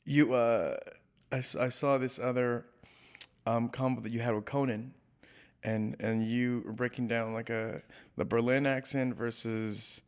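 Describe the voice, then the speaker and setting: A man's voice: mid-range voice, fairly even intonation, a little slow, clear, resonant tone. Male interviewer, enthusiastic, lots of false starts, casual. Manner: enthusiastic, restarts a lot, laughs along. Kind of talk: casual conversation.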